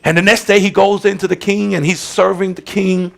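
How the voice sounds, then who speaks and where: Gravelly, fiery preacher man. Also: high voice, flat delivery, brisk. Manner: shouting, rhythmic preaching with colloquial asides. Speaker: bishop preaching. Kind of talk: sermon.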